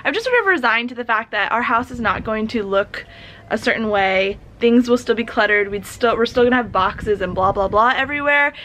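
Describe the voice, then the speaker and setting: Bright chatty woman, a bit breathless. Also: fairly high pitch, brisk, slight background noise. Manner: chatty, animated, laughs often. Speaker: vlogger. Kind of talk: casual chat to camera.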